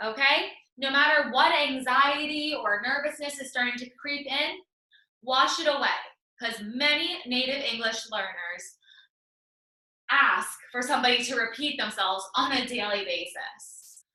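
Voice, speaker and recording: Woman, English teacher, patient, reassuring, high voice, echoey room. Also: a little slow, sharp tone, recorded from a distance. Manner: patient, reassuring, explains step by step. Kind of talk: online class lesson.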